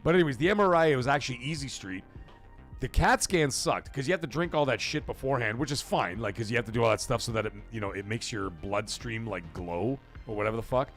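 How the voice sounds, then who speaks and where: A gravelly-voiced man chats on his live stream, and his pitch swings widely as he tells stories. He rambles and swears freely, talking straight to viewers. Faint music plays behind him. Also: quick pace. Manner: profane, rambling, animated storyteller. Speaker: livestream host. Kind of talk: casual live-stream chat reading viewer comments.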